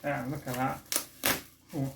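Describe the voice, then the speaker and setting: A man's voice: mid-range voice, flat delivery, a little slow, vocal fry. A man hosting a casual vinyl unboxing vlog, chatty and enthusiastic, often trailing off and restarting. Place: indoors at home, street works outside. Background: faint building work noise from outside.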